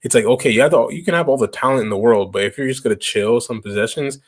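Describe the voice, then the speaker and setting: A man's voice: mid-range voice, fast, slightly rough. A young man from Canada hosting a reaction video, talking casually and emphatically, often repeating himself for stress. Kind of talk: casual commentary.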